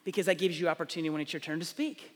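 High-voiced preacher, echoing hall. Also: male voice, rapid-fire. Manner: animated storytelling, acts out dialogue. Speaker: pastor. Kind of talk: sermon.

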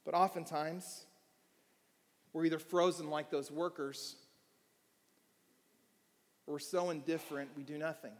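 A man preaching a sermon as pastor, telling a story with quiet asides and bursts of shouting. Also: a little high, fairly even intonation, a little slow, long pauses. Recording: long hall reverb.

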